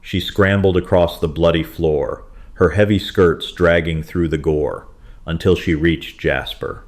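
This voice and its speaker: Male audiobook narrator with a deep voice and a dramatic, steady read. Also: measured pace. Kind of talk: scripted story narration.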